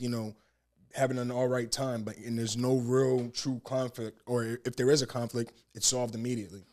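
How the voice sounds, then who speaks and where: Laid-back man in his thirties, bantering. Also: medium pitch. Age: 30s. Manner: rambling storyteller with frequent restarts. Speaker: podcast co-host. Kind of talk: casual chat.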